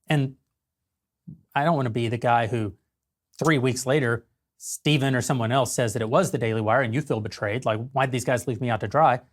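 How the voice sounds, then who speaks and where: A man addressing his audience in a played clip, measured and earnest. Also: medium pitch. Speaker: company spokesman in a played clip.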